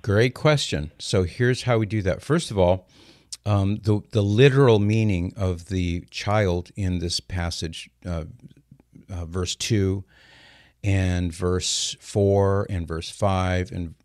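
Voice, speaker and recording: Lively man hosting call-in radio. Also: low voice, slow, no echo, studio quality. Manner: lively storyteller, explains step by step. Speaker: radio host answering callers.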